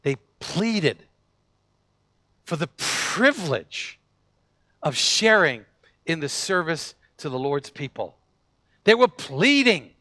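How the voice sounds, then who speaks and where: Male pastor, sermon, bright higher voice, dry close sound, storytelling with acted quotes. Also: no room sound. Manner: animated storytelling, acts out quoted voices, frequent restarts.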